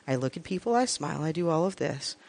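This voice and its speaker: A woman's voice: low voice, expressive, fast talker, creaky, a little mellow. Brash, profane woman teaching a class. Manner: emphatic, repeats lists for effect. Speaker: workshop teacher. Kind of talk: live class talk to an audience.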